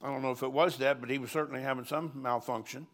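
A man's voice: medium pitch, steady tone, fast talker, fairly bright tone. An older man, a pastor, preaching at a conference in a folksy, storytelling way, chuckling between lines.

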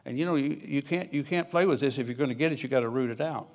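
A man's voice: medium pitch, quick pace. Older male pastor preaching conversationally. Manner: conversational preaching, reads scripture aloud, rambles with asides. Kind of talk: sermon. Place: church.

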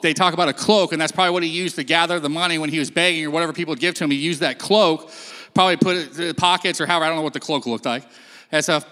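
Acting out each quote, a man relates a Bible story from the stage of a big hall in a relaxed storytelling manner, as a sermon-style talk. He sounds a little high, bright, and forceful, and the hall's long reverb trails his words.

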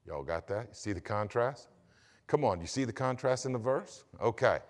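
Animated preaching man. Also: mid-range voice, moderate pace. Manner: emphatic preaching, asks the congregation questions. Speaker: pastor. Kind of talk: sermon.

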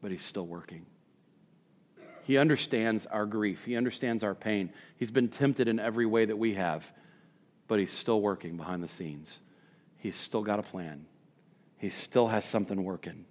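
A male pastor preaching a sermon in a conversational way, swinging between hushed reflection and emphatic questions. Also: fairly low pitch, moderate pace.

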